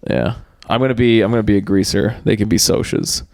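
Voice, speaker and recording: A man's voice: fairly low pitch, fast, vocal fry, a little mellow. A young man co-hosting a podcast, chatting loosely with lots of swearing and laughter. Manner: loose, profane, laughs often. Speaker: podcast co-host. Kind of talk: casual chat.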